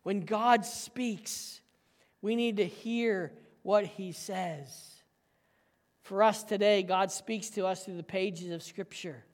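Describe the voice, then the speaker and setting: A man preaches in a very high voice, taking his time over each phrase. He is emphatic, then sinks to a quiet intensity to press a point home. His words ring out with long reverb, as in a large hall. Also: slow pace. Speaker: pastor. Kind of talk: sermon.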